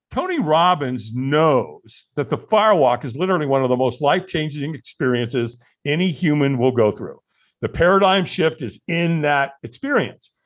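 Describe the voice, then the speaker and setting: Animated older male storyteller, husky voice. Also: on the high side. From California. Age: 60s. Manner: animated storyteller acting out dialogue. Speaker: guest. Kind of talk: storytelling in a podcast interview.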